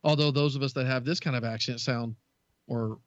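A man's voice: mid-range voice, steady tone, a little fast, no echo. Thick-accented Southern man, dull line. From Texas. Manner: self-deprecating joker. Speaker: tech show co-host. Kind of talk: casual podcast chat.

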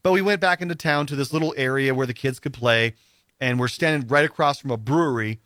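Man, mid-pitched voice, casual storytelling, rambling with fillers, quotes other people, dry close sound. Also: quick pace, a bit bright, no echo. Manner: rambling, full of "you know" and "like" fillers; acts out other people's lines in the telling.

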